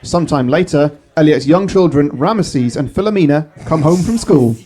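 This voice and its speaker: A podcast host narrating a comic story at a live pub show. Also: male voice, fairly high pitch, normal speed. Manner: steady storyteller.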